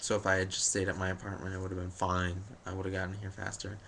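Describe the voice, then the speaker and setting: A young vlogger talks fast in a completely flat, deep voice with a fairly bright tone as he tells the camera about his day. His story is rambling and jokey, full of fillers and self-deprecating asides, with a little hiss or hum behind it.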